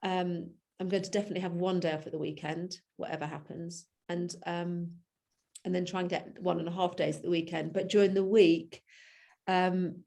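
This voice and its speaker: A woman's voice: on the low side, flat delivery, moderate pace, creaky, dark tone. A woman in her fifties, a coaching client who talks things through openly, laughing often and trailing off to restart her thoughts. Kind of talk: reflective conversation.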